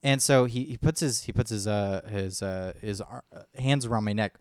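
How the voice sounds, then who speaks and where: A man's voice: fairly low pitch, normal speed, clear, resonant tone, no room sound, clean studio sound. A man co-hosting a podcast, rambling through a story with many restarts and acted-out quotes. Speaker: podcast co-host. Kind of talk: casual chat.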